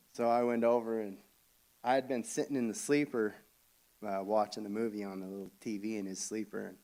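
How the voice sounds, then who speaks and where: A man telling a family story at a funeral service, speaking haltingly with frequent restarts and soft chuckles. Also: fairly low pitch, steady tone. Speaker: family member giving a eulogy.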